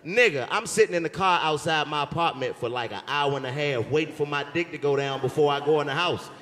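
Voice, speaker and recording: A man spins a comic story on a live stage, slipping in and out of the voices of the people in it. His voice sits a little high. The sound has the long reverb of a big hall. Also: fast talker. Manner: animated storyteller acting out quotes. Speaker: comedian. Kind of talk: storytelling stand-up banter.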